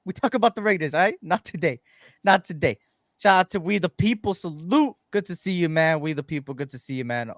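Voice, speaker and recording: A man's voice: a little high, lively intonation, a little fast, dry recording, studio quality. A man co-hosting a live fan sports show, chatting easily and greeting viewers in the chat.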